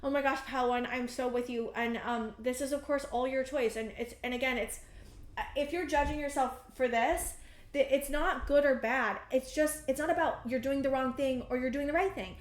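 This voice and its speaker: A woman's voice: high voice, moderate pace, echoey room. A woman in her thirties giving an earnest, emphatic pick-a-card tarot reading, often restarting her sentences. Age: 30s. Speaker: tarot reader.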